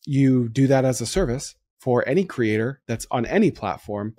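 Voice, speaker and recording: A man hosts a podcast in loose, casual chat. He is excitable and laughs easily, jumping from one idea to the next. His voice sits mid-range, recorded close and dry. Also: mid-range voice, normal speed, no echo. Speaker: podcast host.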